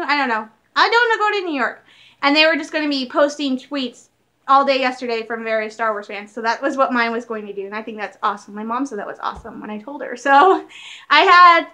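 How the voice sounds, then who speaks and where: A young woman from Michigan talks straight to her viewers in a loose, rambling vlog chat. Her voice sits high and rings bright and crisp. She gets excited easily and laughs often. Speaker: vlogger. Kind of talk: casual chat.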